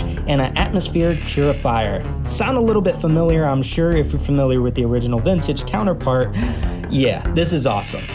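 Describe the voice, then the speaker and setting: Board game reviewer, casual, upbeat, chatty fillers, mid pitch, music playing behind. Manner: upbeat, many "kind of" fillers. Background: background music.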